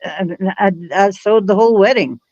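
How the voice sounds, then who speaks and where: A woman from the United States talks about her handmade pieces in a relaxed, matter-of-fact way, often trailing off. Her voice comes through muffled and lo-fi, completely dry with no room sound, at an ordinary mid pitch. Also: normal speed, no room sound. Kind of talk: casual chat.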